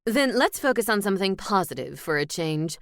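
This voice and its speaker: A woman's voice: mid-range voice, sing-song, a little fast, no echo. A woman reading the part of an eager, helpful male ghost with old-fashioned phrasing, in a dry close recording.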